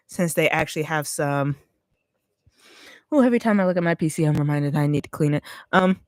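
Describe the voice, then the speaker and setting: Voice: mid-range voice, no echo. Congested, chatty game streamer, dry sound. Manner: chatty, expressive, thinks aloud while explaining game strategy. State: congested, sniffling. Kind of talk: casual gaming live-stream commentary.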